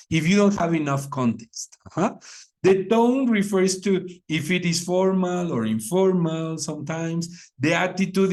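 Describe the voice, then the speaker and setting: A man leading an English class discussion, speaking English as a with many fillers and restarts. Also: medium pitch. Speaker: English teacher.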